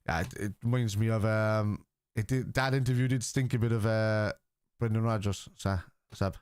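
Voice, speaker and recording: A man with a low-ish, clear, resonant voice speaks at a moderate pace with a steady tone. Chatting casually with viewers on a live football stream, he's blunt and argumentative and swears freely.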